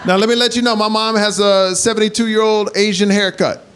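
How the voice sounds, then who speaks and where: A man doing stand-up comedy who tells animated stories and builds up to shouts. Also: high voice, fairly quick. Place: comedy club stage. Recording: live club set with crowd laughter. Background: audience laughter and room hiss.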